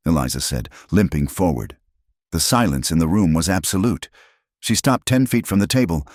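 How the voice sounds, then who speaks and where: A man narrates a frontier tale with dramatic, measured pacing. His voice sits very low, recorded dry and close with no room sound. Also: expressive, no echo. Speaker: storyteller. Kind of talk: scripted audiobook narration.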